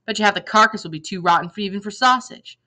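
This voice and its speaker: A woman's voice: mid-range voice, fast, pushed and bright, close to an everyday voice. A woman reading a novel aloud, voicing a sly young girl who talks down a goat to help a bargain. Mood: scornful. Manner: scornful, sly.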